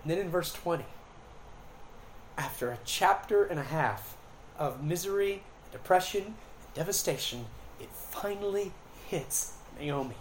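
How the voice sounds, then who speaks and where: A man's voice: fairly high pitch, expressive, unhurried, a little hiss or hum, poor audio. A man preaching a sermon, retelling scripture with dramatic voices and earnest appeals. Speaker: pastor.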